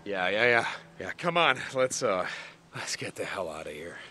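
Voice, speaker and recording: An actor playing a steady, quiet male biker who speaks calmly and tersely, in video game dialogue. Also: moderate pace, slight background noise. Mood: concerned. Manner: calm, low-key and terse.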